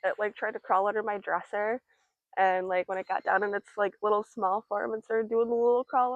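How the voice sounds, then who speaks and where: A woman's voice: fairly high pitch, flat delivery, fairly quick, no room sound, phone-quality sound. A young woman giving a casual tarot reading, chatty and playful, with many fillers and giggles. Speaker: tarot reader.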